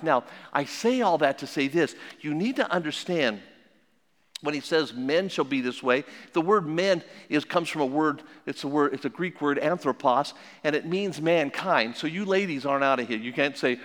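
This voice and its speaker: A man preaching a sermon as pastor, emphatic, swinging between loud and hushed. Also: fairly high pitch, animated, normal speed, big-room sound.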